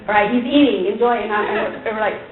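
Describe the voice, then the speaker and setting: A woman, a pastor's wife, tells her church testimony to a women's group as an animated story, acting out the dialogue and laughing often. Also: fairly high pitch, fast talker, background noise. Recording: tinny, phone-like recording in an echoey hall.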